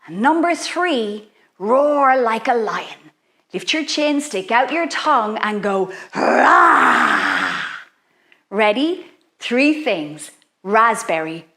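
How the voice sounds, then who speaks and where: A woman's voice, fairly high and swooping up and down, leads children through a playful activity of spells and chants. She takes her time and draws out her words, adding exaggerated sounds for the kids along the way. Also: takes it slowly. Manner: animated, sing-song, exaggerated sounds for kids. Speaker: children's workshop leader.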